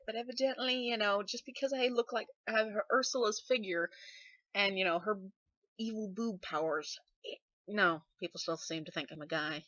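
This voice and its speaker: A woman's voice: medium pitch, normal speed, a bit bright, no echo. A Scottish woman talks into her webcam in a loose, rambling way, full of sarcastic, self-deprecating asides. Her voice often gets taken for a man's. The sound is dull and dry, like a cheap home webcam mic. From Scotland. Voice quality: voice others mistake for a man's. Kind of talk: casual webcam vlog, rambling.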